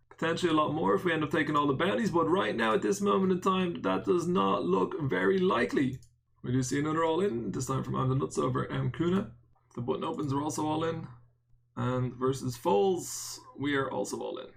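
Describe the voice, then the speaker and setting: An Irish man chatting through a poker stream, his voice sitting a little high and catching in a gravelly creak. He talks casually to his chat, joking at his own expense and swearing freely. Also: fairly bright tone. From Ireland. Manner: casual banter, self-mocking, swears freely. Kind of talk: live-stream poker commentary, reading chat.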